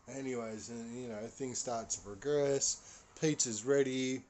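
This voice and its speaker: A man's voice: mid-range voice, steady tone, normal speed, a little mellow. A man hosting a podcast, telling a story casually with lots of fillers and slang. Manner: rambling, many fillers, slangy. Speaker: podcast host.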